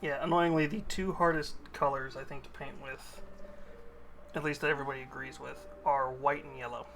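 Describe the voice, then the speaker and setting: A man's voice: medium pitch, steady tone, a little fast, creaky, a bit bright, soft background music. A young man streaming himself painting miniatures, chatting casually and rambling with self-aware asides to a friend. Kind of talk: casual live-stream chat.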